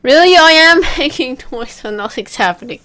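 A young woman casually commenting while playing a video game, chatty and self-mocking, now and then letting out loud whoops. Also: high voice, expressive, normal speed. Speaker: let's play gamer.

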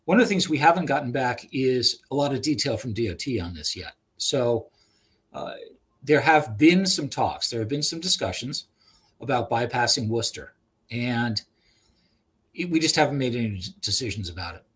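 A man working as a regional trail manager answers webinar questions over a video call, halting often with fillers and restarts. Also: mid-range voice, sing-song, a bit bright, breathy edge.

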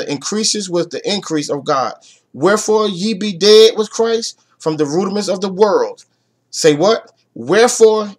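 A man with a high voice teaches scripture on an online talk radio show. He reads a passage aloud, then stops to ask rhetorical questions. His voice drops low for asides and rises for the points he wants to stress. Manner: swings from soft asides to emphatic raised points. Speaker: Bible class teacher. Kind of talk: preaching Bible study.

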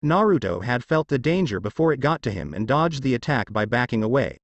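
A man narrating an action fan fiction story in an expressive storytelling manner. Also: mid-range voice, brisk, dry recording, muffled recording.

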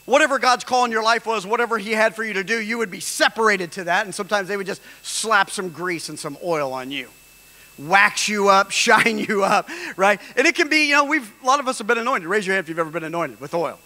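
A man preaching a sermon as pastor, emphatic and rising at times to shouts. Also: high-pitched, lively intonation, a little fast. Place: church hall. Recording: long reverb of a large hall.

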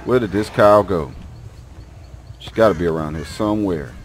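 A man's voice: low voice, moderate pace, a little hiss or hum. A man streaming a game live, playfully trash-talking his opponents in slang. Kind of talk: live gameplay commentary.

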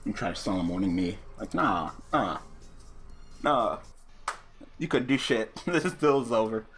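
A man's voice: fairly low pitch, animated, unhurried, a bit bright, soft background music. A young man casually commenting on his own card game duel, profane and rambling, breaking into angry rants and restarting his sentences. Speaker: gaming YouTuber.

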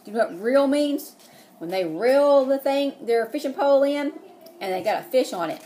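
A woman's voice: fairly high pitch, a little fast, warm tone. A woman preschool teacher, reading a picture book aloud and asking the children questions.

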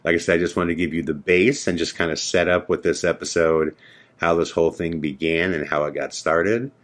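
A man's voice: low voice, fairly quick. A man hosting a podcast, casually telling a spooky story and acting out the dialogue. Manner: animated, acts out quoted dialogue; casual, filler-heavy speech. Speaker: podcast host.

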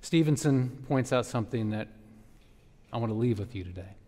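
A male pastor closing a sermon with a reflective, measured exhortation in a church. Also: mid-range voice, animated, mellow, in a large hall. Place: church sanctuary.

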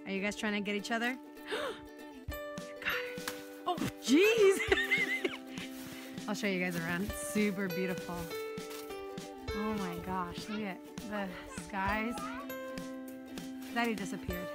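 A woman's voice: medium pitch, very animated, takes it slowly, long pauses, loud music behind the voice. A young woman filming a family vlog outdoors in the snow, chatting and laughing often as she jokes about her own complaining. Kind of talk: casual vlog chat. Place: outdoors on a snowy mountain.

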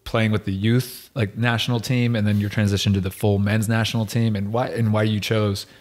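Young podcast host, low voice, loose joking questions. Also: male voice, little pitch movement, fairly quick. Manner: friendly, joking, asks loose questions with fillers. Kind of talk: casual podcast interview.

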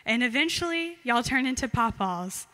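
A woman's voice: a little high, expressive, moderate pace, sharp tone. A young woman giving an informal, chatty talk to a church congregation. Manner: chatty, giggly, loose with fillers. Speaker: church member giving a Father's Day talk.

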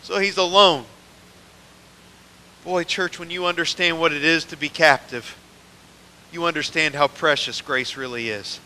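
A pastor in a church sanctuary preaches directly to his congregation, his voice on the high side, pushed and bright, a little slow with frequent pauses. The intensity keeps rising, and the hall's long reverb carries it along with slight background noise.

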